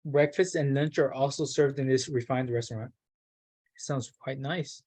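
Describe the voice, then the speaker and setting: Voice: medium pitch, steady tone, moderate pace, darkish tone. A workshop participant reads a travel brochure aloud, stumbling now and then and breaking off for self-mocking asides.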